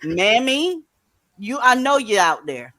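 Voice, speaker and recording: A woman's voice: fairly high pitch, very animated, slow, sharp tone. A woman hosting a live online panel, blunt, profane and joking with callers. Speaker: livestream host.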